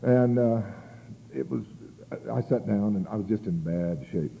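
A man's voice: lowish voice, moderate pace, vocal fry, warm tone. A man telling his story at a recovery meeting in a rambling, colloquial, self-mocking way. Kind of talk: storytelling talk. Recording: tinny, phone-like old tape.

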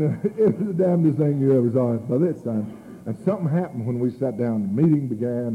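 Guy rambling thru his story, folksy and self-mocking, sounds like a tinny phone line. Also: medium pitch. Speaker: speaker at a recovery meeting. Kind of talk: storytelling talk. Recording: tinny, phone-like old tape.

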